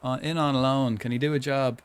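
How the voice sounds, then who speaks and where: A man's voice: medium pitch, steady tone, normal speed, clean tone. A young man chatting casually while commentating his own football management game, rambling with lots of asides. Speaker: gaming streamer.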